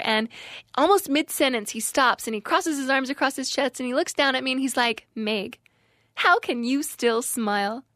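A young woman speaks in a fairly high voice, earnest and emphatic as she gives an inspirational devotional talk to young listeners. The recording is close and dry, with no room sound around her. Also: a bit bright, dry recording.

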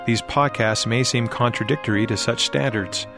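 A man reading a scripted introduction to a meeting recording in a measured, formal way. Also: medium pitch, vocal fry. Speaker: program narrator. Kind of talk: scripted narration. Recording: music playing underneath.

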